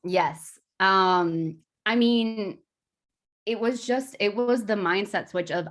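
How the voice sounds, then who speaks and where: Bubbly, effusive young woman. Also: mid-range voice. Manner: bubbly, effusive, quick bursts. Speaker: insurance agent. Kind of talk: excited interview chat.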